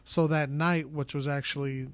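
A man with a somewhat high voice recaps a miniseries in loose casual chat. He rambles, restarts and swears as he goes. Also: steady tone, moderate pace, smooth, dry recording. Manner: rambling storyteller, frequent fillers and swearing. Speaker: podcast host.

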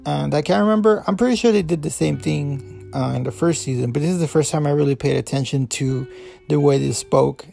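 A man's voice: fairly high pitch, brisk, vocal fry, mellow, soft background music. A man hosting a podcast, giving a loose, rambling review full of fillers and restarts, a Spanish speaker. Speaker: podcast host. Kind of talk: casual review talk.

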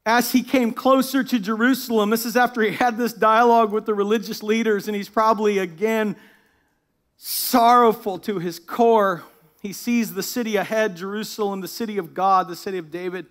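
A man's voice: high voice, fairly even intonation, moderate pace. A man serving as lead pastor, praying and then preaching a sermon in church with an emphatic delivery that builds as he goes. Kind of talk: sermon with opening prayer.

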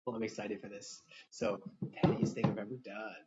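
Chill guy hosting a chat, kinda raspy, sounds muffled. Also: on the low side, level tone, a little fast, warm tone. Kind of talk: casual chat.

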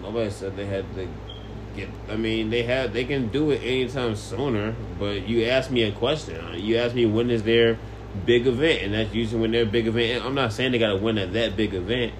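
A man co-hosting a casual podcast, speaking calmly and matter-of-factly. His voice sits on the low side, with faint noise behind him. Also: a little fast. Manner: calm, matter-of-fact. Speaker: podcast co-host. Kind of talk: casual chat.

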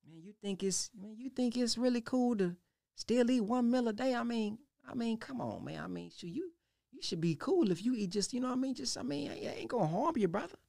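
A man voicing a smooth-talking male tempter who quietly coaxes and wheedles with casual street talk. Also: very high voice, animated, a little fast, dry recording, clean studio sound, voice pushed up, heavily acted. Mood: coaxing. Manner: soft, coaxing, casual, with repeated "I mean".

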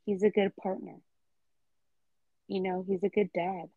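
A woman's voice: medium pitch, measured pace, no echo. A woman co-hosting a podcast, telling a gossipy story in casual chat and acting out the quoted lines as she goes, with lots of "like". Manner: animated gossipy storytelling, acts out quotes, frequent "like". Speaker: podcast co-host. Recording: dry tinny phone-like sound.

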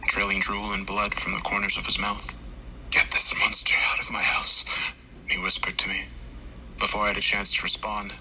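Grim, low-voiced man telling a horror story. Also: slight background noise, rough recording. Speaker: narrator. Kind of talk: dramatic horror story narration. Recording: loud music underneath.

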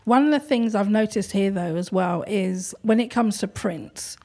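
A woman who runs an art gallery, talking in a thoughtful, hesitant way with many pauses and ums. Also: mid-range voice, a little mellow. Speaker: gallery owner. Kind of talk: casual conversation.

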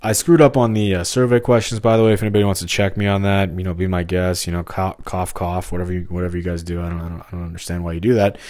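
A man with a very low voice drifts through a rambling solo podcast monologue. He hops from one thought to the next and cuts himself off mid-sentence. The sound is dry and close. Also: little pitch movement, fast talker, hardly any pauses, darkish tone, no room sound. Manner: meandering, jumps between topics, self-interrupting. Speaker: podcast host.

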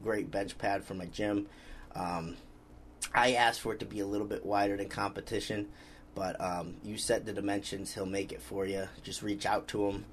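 Laid-back and rambling, this podcast host chats casually and reads viewer comments aloud in a voice on the low side, with a little background noise.

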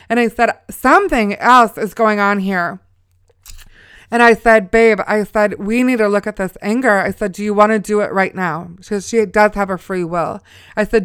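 A woman in her forties tells a family story as a testimony, talking the way she would to a friend while dropping in preacher-like asides. Her voice is exceptionally smooth and resonant. It is recorded close and dry, with no room sound. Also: mid-range voice, a bit bright, dry recording. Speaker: mother sharing a testimony. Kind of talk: spoken testimony.

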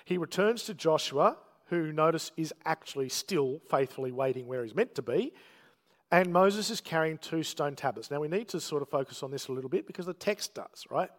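A man's voice: a little high, expressive, a little fast, in a large hall. A man preaching a sermon, telling the story with emphatic, dramatic delivery and quoted lines.

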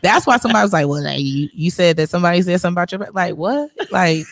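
Racing along with vocal fry, a woman speaks at a fairly low pitch. She's an esthetician who owns a spa, chatting casually as an interview guest, laughing frequently and coming across relaxed and encouraging.

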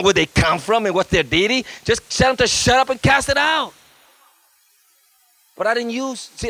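A man preaching as a guest pastor at a church service, fervent, with story-telling asides and calls for amens. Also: high-pitched. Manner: tells stories with lively asides. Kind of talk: sermon.

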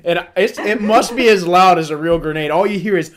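A man with a fairly high voice chats casually and swears freely. He tells his stories with animated, acted-out quotes. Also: a little fast. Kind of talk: casual chat.

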